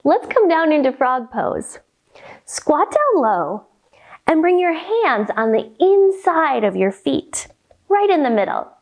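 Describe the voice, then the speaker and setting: A woman leading a children's yoga storytime, guiding gently and playfully. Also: high voice, big pitch swings. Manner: gentle, playful, slow sing-song guiding. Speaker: kids' yoga story teacher.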